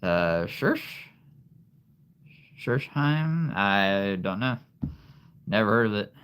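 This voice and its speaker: A man hosts a relaxed live stream, answering viewers' messages and laughing often. His voice sits fairly low, and he talks in an unhurried way. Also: clean tone. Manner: laughs often, easygoing, reads and answers chat. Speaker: livestream host. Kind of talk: casual chat with live viewers.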